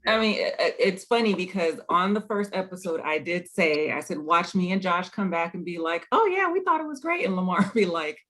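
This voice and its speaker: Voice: medium pitch, steady tone, normal speed, few pauses, a bit bright. A co-host of a casual TV review chat, talking in an easygoing, conversational way. They recap scenes and quote the characters along the way. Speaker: podcast co-host.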